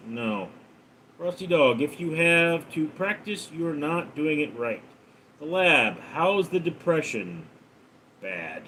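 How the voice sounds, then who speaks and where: A man hosts a live stream and reads viewer messages in an unhurried, deadpan way. His voice is fairly high for a man and swings widely up and down. A faint hiss of noise sits behind him. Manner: deadpan, jokey, dips into a deep gravelly voice for punchlines; sings snatches of song in a high voice. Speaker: livestream host reading chat. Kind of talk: casual livestream chat.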